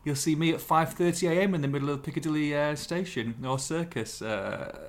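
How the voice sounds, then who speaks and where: A man's voice: on the high side, a little fast. A man, hosting a podcast and telling rambling, self-deprecating stories in casual chat. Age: 40s. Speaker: podcast host.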